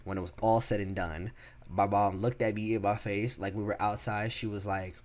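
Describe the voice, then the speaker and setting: Young man vlogging a story at home; loose, cursing, restarts often, voice a bit low. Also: steady tone, quick pace. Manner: casual, profane, stumbles and repeats words. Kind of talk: storytime vlog. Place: home room.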